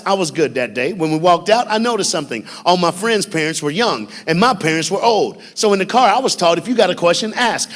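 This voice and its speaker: A man preaches to a church congregation. He tells stories and jokes, getting loud at some moments and going quiet at others. His voice carries a long reverb from the church hall. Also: sits high. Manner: animated storytelling with jokes, shifting from loud bursts to hushed. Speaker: youth speaker. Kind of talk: sermon.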